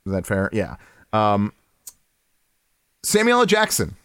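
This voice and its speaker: A man co-hosting a casual podcast chat. He gets excited, laughs often, and restarts his sentences a lot. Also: fairly low pitch, slow pace, no room sound, studio quality. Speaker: podcast co-host.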